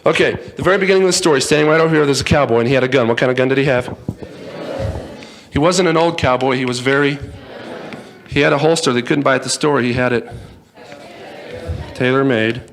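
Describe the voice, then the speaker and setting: Brief: a man as speaker telling a joking story, lively and playful. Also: mid-range voice, fast, long pauses. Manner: playful, acts out voices, jokes with the audience. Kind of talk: humorous storytelling talk. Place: in front of a live audience.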